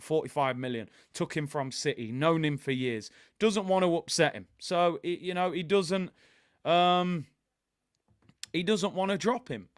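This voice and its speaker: Man, London accent, live stream host, animated and chatty, a bit high-pitched, dry close sound. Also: no room sound. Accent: London English. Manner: animated, chatty, reads viewer comments aloud. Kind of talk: casual live watch-along chat.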